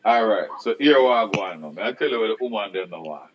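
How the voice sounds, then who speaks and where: A man's voice: on the low side, lively intonation, a little fast, highs cut off, slight background noise. Jamaican man pressing with questions. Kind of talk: casual debate moderating.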